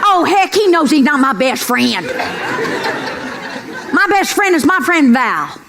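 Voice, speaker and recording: A woman's voice: high-pitched, big pitch swings, a little slow. A woman comedian doing a folksy, brassy stand-up routine with punchy punchlines on a club stage. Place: comedy club stage before a live audience. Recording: live club audio with crowd laughter and noise.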